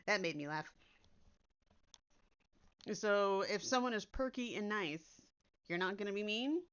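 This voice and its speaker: A woman chatting casually to her audience, talking bluntly and dropping swear words along the way. Her voice sits at an ordinary middle pitch. The sound is a bit dull and lo-fi, as if it is picked up by a computer's built-in microphone. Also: animated, takes it slowly, pauses often, a bit bright, smooth. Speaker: content creator. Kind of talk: casual chat. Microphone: built-in computer mic instead of her usual microphone.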